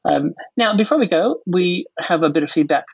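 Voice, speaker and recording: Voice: mid-range voice, animated, a little fast, vocal fry, husky, no room sound, highs cut off. A podcast co-host in their forties, from the United States, whose accent mixes American and Australian, chatting in a rambling, joking way with lots of fillers. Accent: mixed American and Australian. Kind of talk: casual podcast chat.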